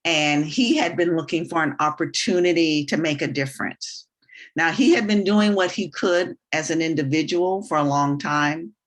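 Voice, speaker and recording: A woman speaking in an earnest, deliberate, preacherly way in a live online business presentation. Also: sits low.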